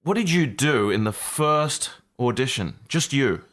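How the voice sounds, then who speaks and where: A man's voice: mid-range voice, animated, unhurried, fairly bright tone. A man with a nasal voice, co-hosting a podcast in a chatty, storytelling way. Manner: chatty, storytelling, laughs easily. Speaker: podcast co-host. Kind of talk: casual podcast chat.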